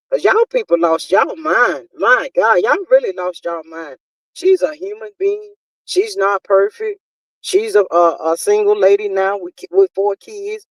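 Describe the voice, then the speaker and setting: A woman's voice: mid-range voice, no room sound. Exasperated woman streamer, dry and distant. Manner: exasperated, talkative, drawn-out exclamations. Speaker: YouTube commentary host. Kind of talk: casual live-stream commentary.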